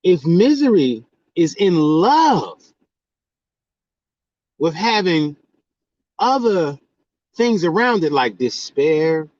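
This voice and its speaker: A man talks about spiritual matters in a casual, preachy way and keeps piling up rhetorical questions. His pitch swings widely and sits a touch high. The sound is dry and a little muffled. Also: big pitch swings, takes it slowly, pauses often, a little mellow, no echo.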